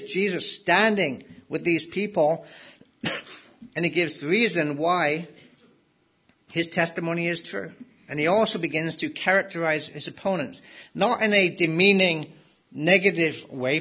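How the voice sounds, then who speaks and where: Bright-voiced emphatic male preacher. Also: fairly high pitch, measured pace, husky. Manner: emphatic, repeats key words for stress. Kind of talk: sermon.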